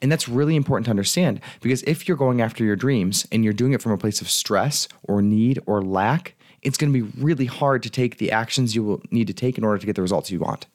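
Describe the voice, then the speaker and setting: A man's voice: mid-range voice, quick pace, hardly any pauses, a little mellow. A male coach talking through a solo podcast monologue, casual and earnest, with the odd swear word. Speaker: life and business coach.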